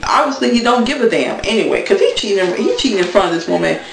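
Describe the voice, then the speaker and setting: Woman vlogger, blunt and gossipy casual recap, a bit of fry, recorded off-mic. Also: mid-range voice, sing-song, quick pace, recorded from a distance. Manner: blunt, gossipy, talks straight to viewers. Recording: echoey room, voice from off-mic.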